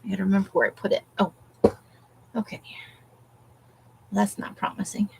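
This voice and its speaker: A woman's voice: mid-range voice, little pitch movement, moderate pace, creaky, darkish tone, a little hiss or hum, poor audio. A woman hosting a casual crafting livestream from her craft space at home, rambling and talking to herself as she digs through her supplies. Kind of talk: casual live-stream chat.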